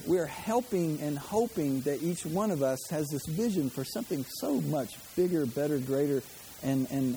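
A man's voice: on the high side, mellow, a little hiss or hum. A man preaching a sermon as pastor, chatty and conversational, with joking asides to the congregation.

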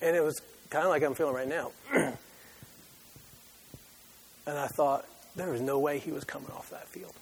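A man preaching a sermon who tells an animated, joking story and acts out his own reactions. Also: a little high, normal speed, creaky, long pauses, slight background noise. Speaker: pastor.

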